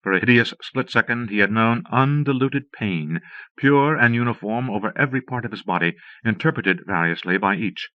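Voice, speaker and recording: A man narrating an audiobook with a steady, measured delivery. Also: mid-range voice, no room sound. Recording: dull dry cassette audiobook.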